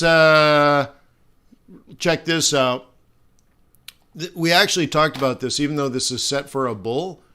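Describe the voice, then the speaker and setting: A man's voice: mid-range voice, sharp tone, smooth. A middle-aged man hosting a live trading stream, talking casually with rambling asides and restarts. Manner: rambling, chatty, many fillers and restarts. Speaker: forex trading stream host.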